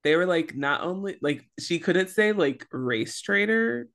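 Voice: mid-range voice, animated, measured pace, a bit bright. Rambling young co-host in casual chat. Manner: rambling, many fillers. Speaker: podcast co-host.

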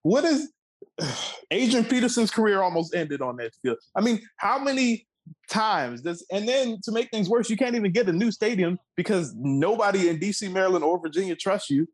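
A man's voice: sits high, animated, moderate pace, husky, low-quality recording. A man in his twenties from the Washington, D.C. area, co-hosting a sports talk show with a heated, profane, emphatic rant. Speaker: co-host.

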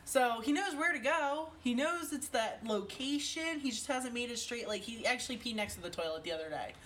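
Chatty woman, animated storyteller. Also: on the high side, brisk, far from the mic, a little hiss or hum. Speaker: event organizer. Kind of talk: casual chat.

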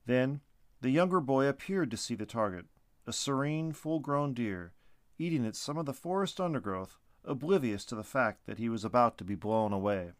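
A male narrator reads a story with lively, animated pitch and an expressive delivery. His voice sounds dry and close to the mic. He keeps a steady storytelling manner. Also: dry recording.

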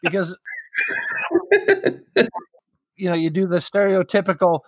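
A man's voice: sits high, flat delivery, a little slow, no echo, studio quality. A man from South Dakota hosting an interview, joking and self-deprecating. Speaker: podcast host. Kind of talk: casual interview chat.

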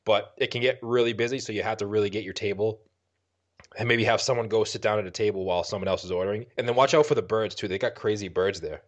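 A man with a Boston accent and a lowish voice talks fast while co-hosting a podcast. His casual chat rambles, leans on jokes, and corrects itself mid-stream.

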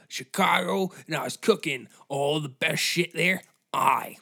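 A man voicing an irate male restaurant owner who rants and swears loudly in a put-on accent. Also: on the high side, voice pushed up, full character voice. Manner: shouting, profane ranting.

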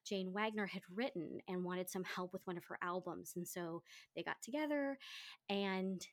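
A woman's voice: on the low side, moderate pace. Chatty woman telling a story. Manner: animated, chatty, quotes people in lively voices. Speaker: podcast host. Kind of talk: casual storytelling chat.

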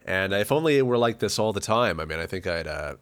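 A man with a hoarse, deep, gravelly voice from being sick, chatting casually as a podcast co-host in a dry, self-deprecating way. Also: lively intonation, fast talker, a bit bright. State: hoarse from illness. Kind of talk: casual chat.

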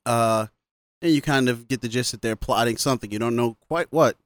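A man's voice: medium pitch, a little fast, no echo. A man casually recapping a film on a podcast, laughing often and quoting the characters as he goes. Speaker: podcast co-host. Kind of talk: casual movie recap chat.

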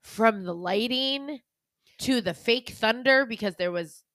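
A woman co-host gushes through a casual recap, her voice bright and a little high. She swears freely and jumps into other people's voices. The sound is close and dry. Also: unhurried, no room sound. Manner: animated, swears often, quotes people in put-on voices. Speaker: podcast co-host. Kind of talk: casual chat recapping reality TV.

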